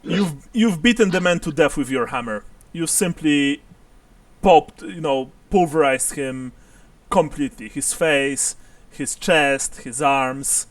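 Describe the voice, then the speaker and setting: A man narrating as game master of a tabletop game, halting and full of fillers. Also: fairly high pitch, dry recording, distant mic.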